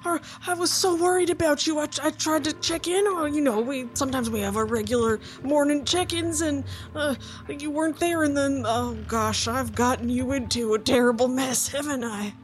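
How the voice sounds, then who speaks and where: A woman's voice: high-pitched, normal speed, hardly any pauses, slight background noise, voice pushed up, lightly acted. Woman playing a flustered djinn dad. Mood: worried. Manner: flustered, rambling, doting. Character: scatterbrained male djinn father, gambler.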